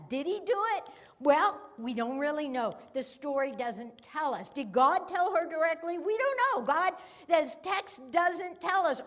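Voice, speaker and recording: High-voiced woman preaching in a reverberant church. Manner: conversational, playful, acts out quoted dialogue. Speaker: pastor. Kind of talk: sermon. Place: church sanctuary.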